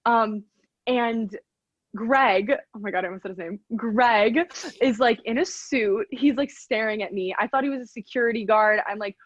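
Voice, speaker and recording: A woman's voice: fairly high pitch, normal speed, dry recording, muffled recording. A young American woman, a podcast guest, telling a story in casual chat, giggling often and saying "like" a lot. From United States. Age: young adult. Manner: giggly, filler-heavy with lots of "like".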